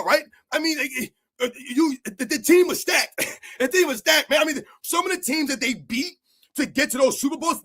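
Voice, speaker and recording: A middle-aged man hosting a sports channel, rambling excitably in a casual rant to his viewers and saying "man" constantly. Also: very high-pitched.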